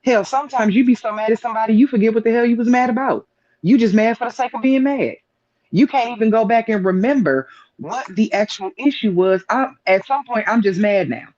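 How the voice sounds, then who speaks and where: A man's voice: high voice, a little fast, a little mellow, no room sound. A man speaking as a guest on a live stream, making his point with repeated rhetorical questions. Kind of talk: casual opinion talk. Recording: dull lo-fi stream audio.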